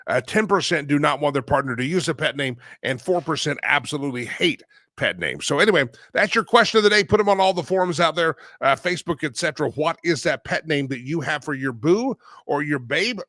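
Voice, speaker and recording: Bright-voiced male talk show host. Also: a little high, expressive, fairly quick, no echo, clean studio sound. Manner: chatty, loose, many fillers. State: coughing. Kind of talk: casual talk show monologue.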